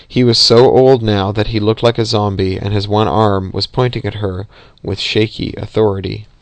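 A man reading a novel aloud as narrator, steady and even, with occasional slips. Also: fairly low pitch, normal speed, no room sound.

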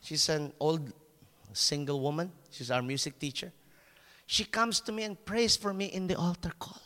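A man preaching a sermon as a pastor, telling a personal story in an animated way, laughing at himself and stumbling over restarts. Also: fairly high pitch, normal speed, long reverb tail.

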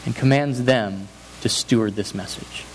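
A man of medium pitch preaches at a moderate pace, earnest and emphatic in his role as pastor. He develops his points through repeated phrases, and the poor audio has a faint hiss.

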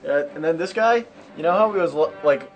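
Joking young man with a high voice. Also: animated, a little fast, dull audio, faint music behind. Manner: joking, rambling, loud outbursts. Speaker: podcast co-host. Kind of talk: casual gaming chat.

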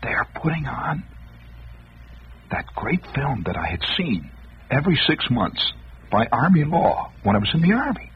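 A middle-aged man telling a comic monologue, animated, humming tunes and acting out voices. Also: mid-range voice, moderate pace, long pauses, a little hiss or hum. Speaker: storyteller. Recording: dull lo-fi radio recording.

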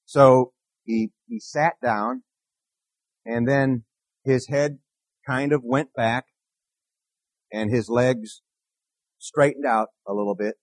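A man's voice: mid-range voice, animated, slow pace, vocal fry, pauses often, dry recording. Male minister, conversational sermon, asks the congregation questions; dry, close recording. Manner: earnest, repeats key phrases, asks the congregation questions.

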